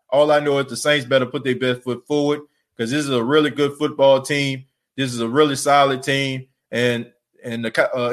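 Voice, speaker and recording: Fired-up man ranting on a sports podcast. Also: medium pitch. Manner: emphatic, repetitive rhetorical questions, casual slang. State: tired after an overnight shift. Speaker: podcast host.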